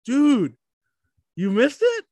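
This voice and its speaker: A man co-hosting a podcast in casual chat, excitable and loose, with many fillers and swearing. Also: very high voice, extremely slow, no echo. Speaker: podcast co-host.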